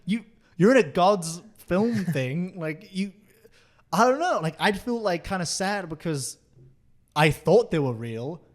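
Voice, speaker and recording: A man's voice: high-pitched, animated, unhurried. Agreeable young man in casual chat. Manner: agreeable, frequent "yeah" backchannels, chuckling asides. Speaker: podcast co-host reviewing a TV episode.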